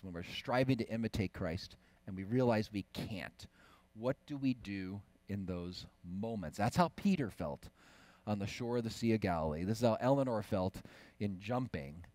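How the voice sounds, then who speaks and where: A middle-aged man giving a faith conference talk, telling lively family stories and asking the audience questions. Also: lowish voice, normal speed, no echo. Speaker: conference speaker.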